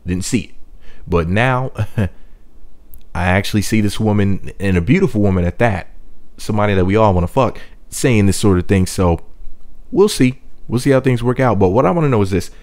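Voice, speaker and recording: A man's voice: lowish voice, darkish tone. A man hosting a celebrity gossip channel, talking in a brash, joking, rambling way with loose asides. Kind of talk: casual gossip commentary.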